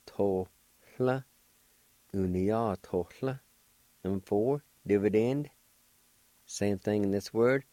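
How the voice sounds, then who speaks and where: An older man leads a slow, careful language lesson in a low, mellow voice, spelling out each word letter by letter and patiently repeating every syllable. He is a language teacher and radio host, and the sound is dry and close, like a small radio studio with no room sound.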